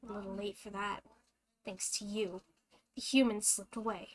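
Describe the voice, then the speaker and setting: A woman voicing a cold, scornful male android thief, speaking low and reproachful. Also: fairly even intonation, normal speed, lightly acted.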